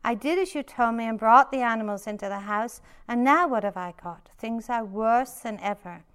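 A woman reading aloud as a frantic poor man, pleading and wailing at his wits' end. His words come out a little higher and louder than plain talk. The voice is smooth and resonant. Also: normal speed, natural voice. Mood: desperate. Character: poor desperate older man, frantic and complaining.

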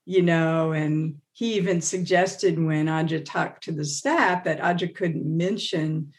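A woman with a slightly low voice tells a story in a podcast interview. She talks in a relaxed, casual way and livens it up by acting out what others said. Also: a little slow. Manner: animated, acts out quotes with laughs and fillers. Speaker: interview guest, meditation teacher.

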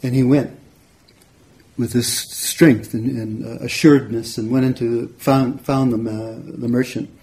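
A man, a meditation teacher, telling a story in a relaxed, conversational dharma talk. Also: medium pitch, a little slow. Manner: relaxed, conversational, frequent "you know". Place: retreat center hall.

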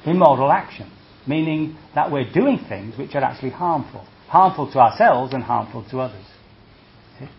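With the highs cut off, a monk's creaky, somewhat high voice carries a dharma talk. He keeps it conversational and lively, asking "see?" and "okay?" and playfully acting out reactions.

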